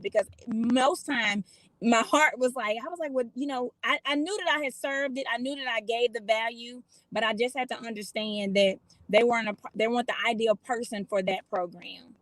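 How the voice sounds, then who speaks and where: Woman, reflective, pauses to search for words, dry close sound. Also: on the high side, dry recording, low-quality recording. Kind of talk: casual talk on a live show.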